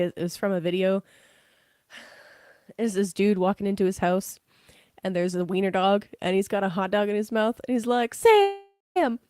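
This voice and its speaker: A woman's voice: mid-range voice, dry recording, clean studio sound. A young woman giving a casual live tarot reading, chatty, laughing often and swearing freely. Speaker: tarot reader.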